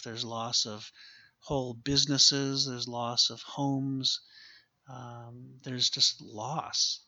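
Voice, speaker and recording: A man's voice: medium pitch, sharp tone, no echo, highs cut off. A man preaching a sermon as a pastor, earnest and emphatic, repeating his key phrases for weight.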